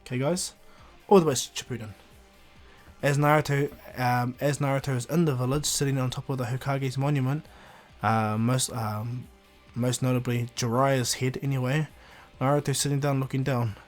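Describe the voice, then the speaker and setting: A man's voice: medium pitch, little pitch movement, moderate pace, soft background music. Casual New man telling a fan story. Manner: rambling, with fillers and restarts.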